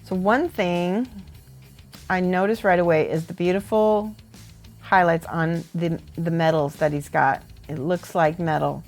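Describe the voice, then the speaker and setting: A woman's voice: lowish voice, fairly even intonation, measured pace, a little mellow. Chatty woman hosting, faint music behind. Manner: chatty, encouraging, laughs often. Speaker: miniature painting host and teacher. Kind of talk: casual livestream critique.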